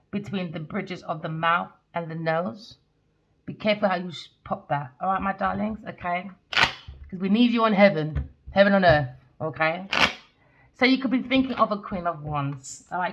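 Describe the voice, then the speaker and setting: A woman's voice: on the low side, fairly bright tone. A woman giving a casual tarot reading to camera, chatty and tagging her lines with "okay?" and "all right?". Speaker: tarot reader. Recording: dull lo-fi sound.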